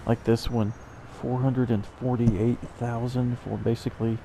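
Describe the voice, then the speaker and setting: A man's voice: medium pitch, little pitch movement, measured pace, gravelly, dark tone, a little hiss or hum. A tired man casually commenting while playing a video game, rambling with self-mocking asides. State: yawning, tired. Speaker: let's play host.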